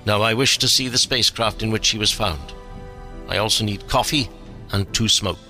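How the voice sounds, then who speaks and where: A man's voice: lowish voice, moderate pace. Pushy late-fifties man, clipped demands, voiced by a male reader, faint music behind. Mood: insistent. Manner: curt, insistent, commanding. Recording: soft music underneath.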